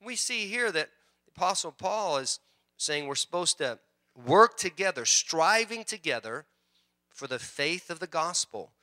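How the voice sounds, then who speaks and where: A male pastor preaching a sermon with prayer and scripture reading, fervent and rising loud on his exhortations, often repeating words. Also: on the high side, big pitch swings, a little slow, no echo.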